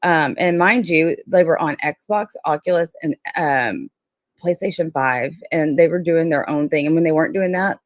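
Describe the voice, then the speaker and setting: Low-voiced, blunt woman streamer. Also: normal speed, dry recording, highs cut off. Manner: blunt, defensive, filler-heavy. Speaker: livestream host. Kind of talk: casual livestream chat.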